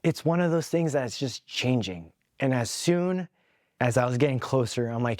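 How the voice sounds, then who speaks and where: A man's voice: mid-range voice, expressive, normal speed, darkish tone, dry recording, clean studio sound. A young adult man hosting a podcast, telling a personal story in an earnest, candid way, emotional and holding back tears. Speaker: podcast host.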